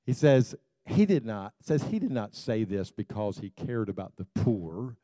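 A male pastor preaching a sermon in a conversational way, full of "you know" asides and quick laughs. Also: lowish voice, sing-song, dark tone, dry recording, studio quality.

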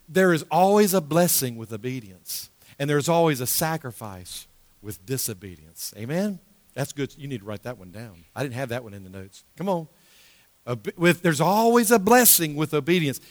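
A man preaching a sermon as a pastor, emphatic, repeating key phrases and dropping to a hushed tone in prayer. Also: on the high side, no echo, in a large hall.

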